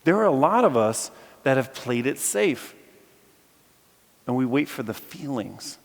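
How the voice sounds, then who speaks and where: A man's voice: medium pitch, measured pace, vocal fry. A man preaching a sermon to a live audience, telling a story with energy and bantering with listeners. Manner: animated storyteller, jokes with audience. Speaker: campus chapel speaker. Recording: long reverb of a large hall.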